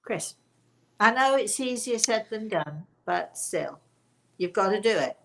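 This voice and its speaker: A woman's voice: medium pitch, lively intonation, unhurried, creaky, fairly bright tone. An older woman, a spiritual medium, talking in a rambling, chatty way to a live audience, often correcting herself and laughing. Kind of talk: casual live-stream chat.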